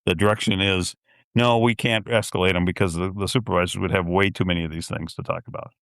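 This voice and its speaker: With a low, fairly even voice marked by vocal fry, a middle-aged podcaster tells a story at a quick pace, sounding fairly bright on clean, echo-free studio audio. He plays both parties in a phone call and laughs in disbelief as he casually recounts it.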